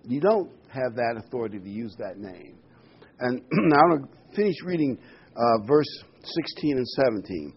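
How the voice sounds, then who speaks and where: A man preaching a sermon, his voice rising and falling with lively emphasis as he reads scripture and adds side comments. His tone is slightly husky, and the recording is dull and lo-fi. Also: on the high side, moderate pace. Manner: animated, explanatory asides. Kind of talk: sermon with Bible reading. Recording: dull lo-fi sound.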